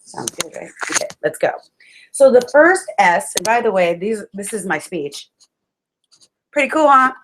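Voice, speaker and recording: A woman's voice: medium pitch, sing-song, measured pace, fairly bright tone, a little hiss or hum, low-quality recording. A woman giving a passionate, emphatic motivational talk to a live audience, often laughing and calling her listeners friends. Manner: laughs often between lines. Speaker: motivational speaker.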